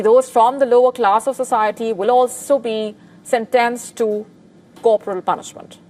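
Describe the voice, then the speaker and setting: A woman presents a scripted news report in a measured, formal way. Her voice is somewhat high for a woman. She keeps a steady newsreading rhythm.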